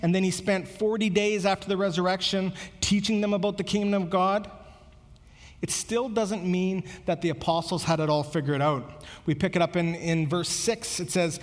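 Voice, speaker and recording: Casting: male pastor with a high voice, earnest conversational sermon, lingering hall reverb. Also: steady tone, normal speed. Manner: earnest, conversational preaching with repeated words.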